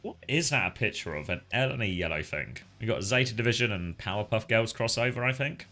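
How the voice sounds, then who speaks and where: A man's voice: fairly low pitch, expressive, fairly quick, pushed and bright, faint music behind. A man co-casting an esports match in casual chat, laughing often and swearing casually. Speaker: esports co-caster.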